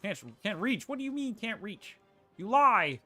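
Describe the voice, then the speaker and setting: Man, game streamer, chatty, playful, laughs a lot, bright tense tone. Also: sits high, lively intonation, moderate pace, faint music behind. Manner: chatty, playful, laughs often, answers viewer questions. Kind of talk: livestream gameplay commentary and chat replies.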